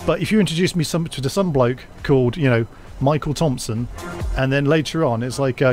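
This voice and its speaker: Male co-host, chatty, stumbles over restarts, mid-pitched, faint music under the studio chat. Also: a little fast, a little mellow.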